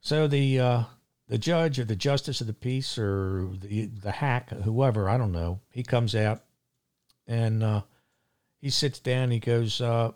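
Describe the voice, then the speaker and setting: A man's voice: medium pitch, fairly even intonation, unhurried, darkish tone. Indignant man ranting on his podcast. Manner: gruff, indignant storytelling with many fillers. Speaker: podcast host. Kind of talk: casual monologue. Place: seaside town home.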